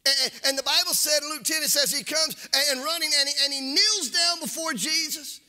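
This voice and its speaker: A pastor delivers an impassioned sermon in a very high voice, speaking a little fast with few pauses. His sing-song cadence climbs into shouts, and he repeats words for emphasis.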